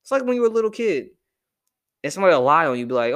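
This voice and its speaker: A young man ranting casually to camera, animated and profane as he reacts to a list. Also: fairly high pitch, racing, clean tone. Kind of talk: casual rant.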